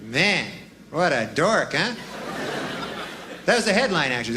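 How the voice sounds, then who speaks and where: A man doing a stand-up routine in a drawling, deadpan way, with rambling asides. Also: a little high, a little fast, pauses often. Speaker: stand-up comedian. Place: comedy stage before a live audience. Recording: live club recording with audience laughter and noise.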